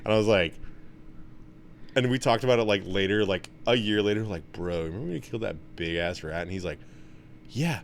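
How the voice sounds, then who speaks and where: A young man in casual podcast chat, telling stories with lots of swearing and getting loud when he's excited. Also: a little fast, pauses often, a little hiss or hum. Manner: animated, swears a lot, gets loud and high when excited. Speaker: podcast co-host.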